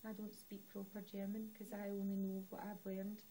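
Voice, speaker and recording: A woman's voice: mid-range voice, monotone, normal speed, mellow, a little hiss or hum, rough recording. A woman from the west of Scotland with a Scottish accent, telling stories in a casual interview, rambling with lots of "you know". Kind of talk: casual oral-history interview.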